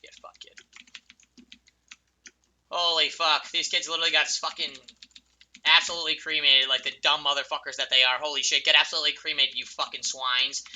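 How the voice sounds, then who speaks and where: Profane, furious young male gamer, piercingly bright. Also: on the high side. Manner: furious, profane, yelling insults at other players. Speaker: game streamer. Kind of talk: ranting gameplay commentary and personal storytelling.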